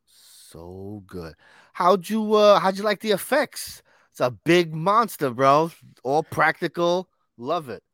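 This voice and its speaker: A man's voice: on the high side, sing-song, slow, fairly bright tone, dry recording, studio quality. A man co-hosting a podcast in casual chat, enthusiastic and calling his co-host "bro".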